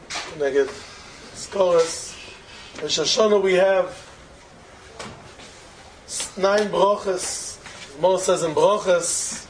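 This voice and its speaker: A man's voice: high voice, a little hiss or hum, poor audio. A man giving a storytelling Torah lecture who explains as he goes, repeats key phrases and asks rhetorical questions. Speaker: Torah teacher.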